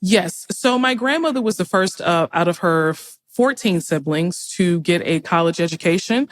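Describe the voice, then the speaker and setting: An earnest woman from Charleston, South Carolina, speaks with a light Gullah Geechee Lowcountry accent. She tells long stories as a podcast guest. She often breaks off and restarts her sentences. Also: animated, moderate pace. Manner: rambling and earnest, with frequent restarts. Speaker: chef and guest. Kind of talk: podcast interview storytelling.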